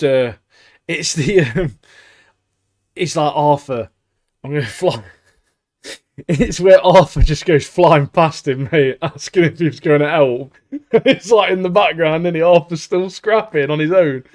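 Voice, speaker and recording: A man co-hosting a podcast, recapping anime in casual chat, lively and laughing, acting out the characters' lines. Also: fairly high pitch, a little slow, long pauses. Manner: animated, acts out characters' lines, laughs often. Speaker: podcast co-host.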